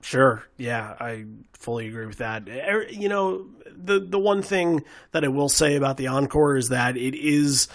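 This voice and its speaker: A man hosting a podcast in casual, rambling chat, animated and joking. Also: medium pitch, a little slow, hardly any pauses. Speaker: podcast host.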